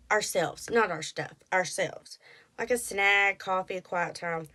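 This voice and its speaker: A woman's voice: medium pitch, a bit bright. A woman in her late thirties from Texas with a thick Texan accent, chatting casually and rambling as a podcast host. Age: 30s. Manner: rambling, self-deprecating, quick asides and mock voices. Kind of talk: casual chat.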